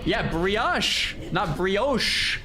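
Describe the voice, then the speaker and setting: Man from the US, streamer host, playful and animated, slightly high, very lively pitch. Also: drawn-out words, over a noisy crowd. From United States. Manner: animated, playful, good-humored teasing. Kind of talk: casual stream chat.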